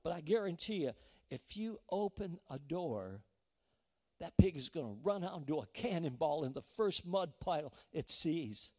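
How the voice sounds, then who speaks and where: A man preaches in a church sanctuary, his voice sitting high for a man. He tells homely stories and keeps checking in with the room, stumbling and restarting as he goes. A long reverb from the hall trails every phrase. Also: sing-song, normal speed, dark tone. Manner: folksy storytelling with frequent restarts and "right?" asides. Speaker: pastor. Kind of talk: sermon.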